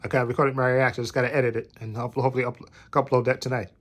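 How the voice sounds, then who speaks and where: A man's voice: mid-range voice, flat delivery, racing. Rambling man vlogging from bed. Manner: rambling, repeats "like I said". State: recovering from a cold. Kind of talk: casual rambling vlog.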